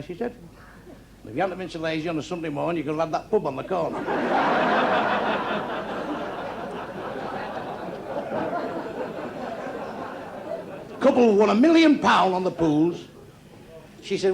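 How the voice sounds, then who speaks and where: Blunt, crude gravelly stand-up comic. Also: male voice, fairly high pitch, lively intonation, slight background noise. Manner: blunt, crude, brisk punchlines. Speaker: stand-up comedian. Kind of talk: stand-up joke telling to a live audience. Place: club stage before a seated audience. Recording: crowd laughter throughout a live club show. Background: audience laughing.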